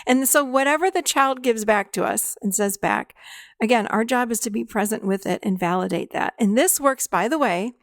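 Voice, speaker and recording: A woman's voice: fairly high pitch, moderate pace, no room sound, studio quality. A middle-aged woman hosting a podcast, talking casually and acting out dialogue with clients. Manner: acts out quoted dialogue, warm validating tone, laughs often. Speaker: podcast host and therapist.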